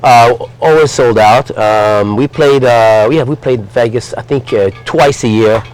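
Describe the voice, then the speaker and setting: A man, a guest singer talking casually and hesitantly, with many pauses and fillers. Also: mid-range voice, smooth, low-quality recording. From France. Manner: relaxed, hesitant with many uhs. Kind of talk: casual interview chat.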